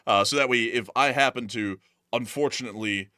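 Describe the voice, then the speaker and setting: Male host, bright tense tone, dry close sound, rambling casual commentary. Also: mid-range voice, a little fast, dry recording. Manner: rambling, heavy on fillers and restarts. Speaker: news show host.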